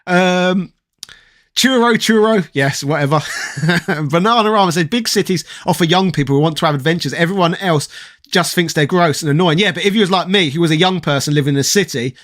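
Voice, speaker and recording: A man's voice: high voice, a bit bright. A man from London in his thirties with a London accent, casually chatting with his live-stream chat, reading out comments and rambling through jokes. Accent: London English. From London, England. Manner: rambling, chatty, reads chat aloud and riffs with quick jokes.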